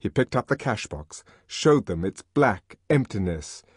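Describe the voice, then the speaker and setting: A man narrating an audiobook with a dramatic, expressive reading. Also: lowish voice, unhurried, breathy edge, no echo, studio quality. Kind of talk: scripted narration.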